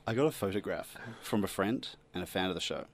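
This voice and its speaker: A man's voice: sits low, fast talker. A young man hosting a radio show in playful, teasing banter, drawing out suspense. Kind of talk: casual studio banter.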